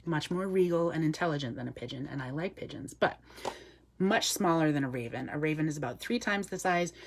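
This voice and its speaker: A woman wildlife educator giving a live-streamed talk indoors at a desk. She answers viewer comments in a chatty way, with lots of ums and soft asides to the bird. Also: deep voice, brisk. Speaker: wildlife educator with an animal ambassador.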